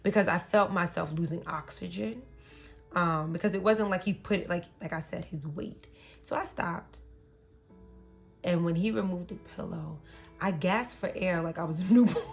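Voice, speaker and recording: A young woman speaks frankly and emotionally, recounting a personal story and slipping into the voices of the people in it. Her voice sits low with a gravelly edge, and faint music plays underneath. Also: normal speed. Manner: candid, emotional, slips into quoted voices.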